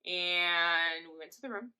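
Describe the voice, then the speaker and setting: A young woman vlogger in casual storytime, telling an anecdote in a lively, chatty way. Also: lowish voice, measured pace, smooth. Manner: chatty, animated storytelling that acts out quotes.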